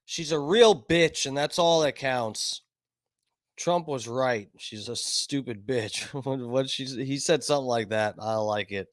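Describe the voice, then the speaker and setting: A man's voice: mid-range voice, unhurried, no echo, studio quality. A man commentating online in an angry, profane political rant, repeating himself as he goes.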